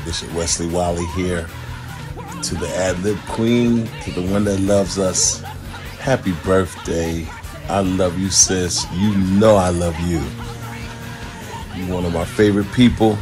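A man's voice: sits low, fairly even intonation, unhurried, crowd noise. A man who is a bishop, recording an affectionate birthday message, laughing often as he speaks. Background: music.

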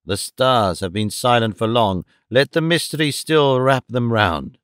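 A man's voice: mid-range voice, lively intonation, a bit bright, clear, resonant tone, dry recording, studio quality. Stately middle-aged queen of fortune, ominous and imperious, read by a man. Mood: stern, ominous. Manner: slow, grave, commanding. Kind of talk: audiobook reading.

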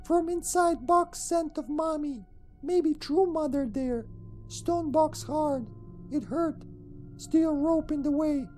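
Spooky little girl voice, real high and kid-like, halting simple sentences, reading a creepy diary. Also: dark tone, soft background music. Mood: eerie, plaintive. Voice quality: high, childlike and eerie. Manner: slow, broken, simple phrases. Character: creepy, lost little girl searching for her mother. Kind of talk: dramatic reading of a game diary.

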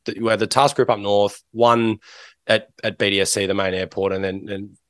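A middle-aged Australian man with a fairly low voice, speaking as a podcast guest. He talks in long rambling stretches, circling back with restarts and fillers. The sound is dry and close to the mic. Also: level tone, normal speed, clean tone, dry recording. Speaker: interview guest. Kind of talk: casual interview talk.

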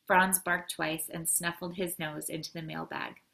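A woman educator reading a children's novel aloud, expressive with occasional slips. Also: on the low side, measured pace, creaky.

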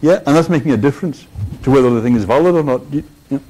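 A man's voice: medium pitch, racing, dark tone, slightly rough. A man giving a university philosophy lecture, hesitant with many fillers and dry wit, in a lecture hall.

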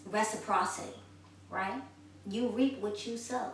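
Heard from afar in an echoey room, a female preacher delivers a spoken sermon at a moderate pace, her fairly high voice keeping a fairly even intonation. Earnest throughout, she leans on repeated phrases and swells in volume as she urges her listeners on. Faint hiss or hum sits under the audio.

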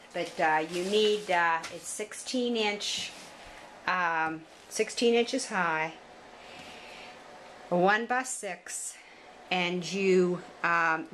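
A woman's voice: lowish voice, pushed and bright, slight background noise, poor audio. A woman at home beside a turtle enclosure, explaining how to build it in a casual, hesitant way, recorded on a handheld camcorder. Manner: hesitant, halting with many pauses. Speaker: turtle keeper. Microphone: handheld camcorder mic.

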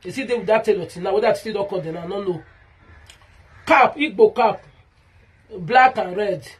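A vlogger with a Nigerian Pidgin English accent rants in a monologue, heated and repetitive, calling someone out by name. Her mid-range voice is fairly quick with a breathy edge.

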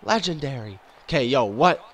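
A young man calls his own hockey video game match with a lively, swooping pitch that jumps high when he yells. He swears freely, sounds congested, and coughs now and then. His delivery is loose, profane let's-play commentary. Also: normal speed. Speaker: gaming YouTuber.

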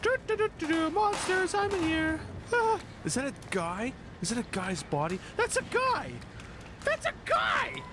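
A woman's voice: very high voice, big pitch swings, a little slow. A woman playing a horror game, who shrieks, mutters nervously and cracks sarcastic jokes as she goes. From Canada. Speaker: let's play gamer. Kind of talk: horror game reaction commentary. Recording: loud background noise and game sound.

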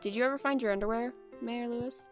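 A woman's voice: on the high side, fairly even intonation, quick pace, soft background music. A woman casually narrating her gameplay, chatting and exclaiming at the characters on screen. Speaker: let's play gamer.

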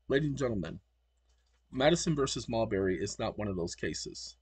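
A man's voice: fairly low pitch, animated, moderate pace, darkish tone, slightly rough, no room sound. A man hosting his channel, lecturing combatively and spelling words out letter by letter. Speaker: channel host. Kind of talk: commentary on screen recording.

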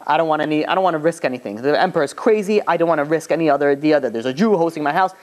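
A man's voice: fairly high pitch, rapid-fire. A man, a rabbi, telling a story in a loose, conversational lecture and acting out the characters' lines. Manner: lively retelling that acts out the characters' quoted lines; loose and conversational, often saying "you know".

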